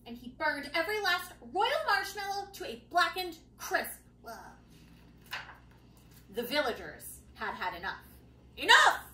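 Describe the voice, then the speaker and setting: Storytime reader, woman: very high, bright, lively read-aloud with playful asides; echoey room. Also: a little slow. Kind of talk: reading a picture book aloud to children.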